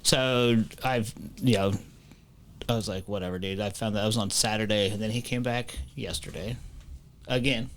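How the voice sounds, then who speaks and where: Swearing restaurant owner telling stories. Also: male voice, fairly low pitch, steady tone, moderate pace, fairly bright tone. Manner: swears freely, tells stories. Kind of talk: casual podcast chat.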